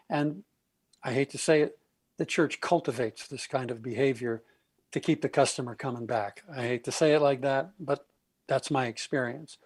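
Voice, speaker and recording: A man talking on a podcast, telling stories in an animated way and acting out the voices of the people he quotes. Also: mid-range voice, moderate pace, breathy edge. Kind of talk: conversational podcast discussion.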